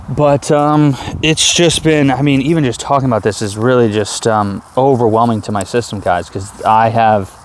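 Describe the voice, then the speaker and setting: A man in his thirties, talking earnestly in a rambling personal video diary, with many halting restarts. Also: medium pitch, slight background noise. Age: 30s. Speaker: vlogger.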